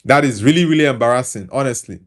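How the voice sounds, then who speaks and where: A Nigerian man with an Igbo background hosting a relaxed football talk show, reading out chat comments and answering them in an easygoing way. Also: mid-range voice, fast talker. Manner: easygoing, repeats words while thinking. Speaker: host reading live chat.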